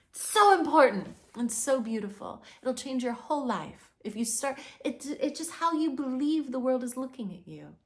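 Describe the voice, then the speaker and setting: Young woman, high voice, effusive spiritual teacher, soft murmurs to loud bursts, rambling. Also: animated, normal speed, few pauses. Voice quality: swings between soft near-whispers and bright emphatic bursts. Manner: earnest, effusive, rambling with restarts. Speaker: poetry and manifestation teacher. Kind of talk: spiritual motivational talk.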